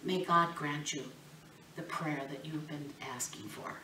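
A woman's voice: on the high side, very animated, takes it slowly, a little hiss or hum. A woman voicing an older male priest who scolds and then blesses, recorded from a distance in an echoey room. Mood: gentle. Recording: roomy, distant mic.

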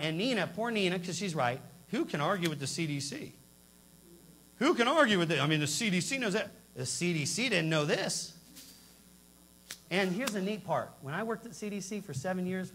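A man with a high voice lectures a convention audience on infection control. He is blunt and emphatic, punching some words loudly and dropping others to a hush. A faint electrical hum runs underneath. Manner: emphatic, blunt, swings between loud and hushed. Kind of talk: lively conference presentation. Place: convention hall.

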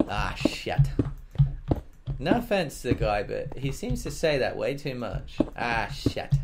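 Rambling, joking man with a lively voice. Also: medium pitch, very noisy. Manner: joking, rambling, talks to himself, makes silly sound effects. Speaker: let's play gamer. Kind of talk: casual gameplay commentary.

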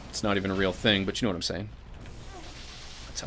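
A man hosting gameplay commentary with a bright, forceful tone. He rambles through chatty asides and keeps breaking into profane, excitable outbursts at the game. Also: fairly low pitch, a little fast, slight background noise. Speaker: gaming channel host.

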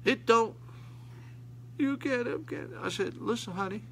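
Older man, pastor; folksy sermon delivery, bright voice, faint noise under the recording. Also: very high voice, measured pace, gravelly. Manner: folksy, rising to emphatic preaching.

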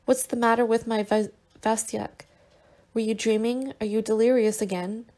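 Woman reading a gentle coaxing young man, soft teasing, gravelly storybook voice. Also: fairly high pitch, steady tone, normal speed, close to an everyday voice. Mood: tender. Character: tender, teasing young man nursing his sick lover.

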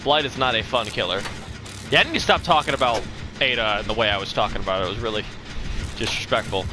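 A man giving live gameplay commentary who swears a lot and swings from low mumbles to loud shouts. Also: quick pace, music in the background. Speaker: gaming streamer.

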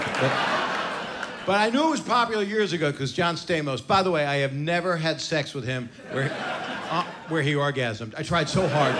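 A man's voice: fairly high pitch, fairly quick. A man in his sixties doing a stand-up comedy set, brash and self-mocking with crude punchlines, recorded live in a comedy venue. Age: 60s. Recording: live club recording with crowd noise. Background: audience laughter and cheering.

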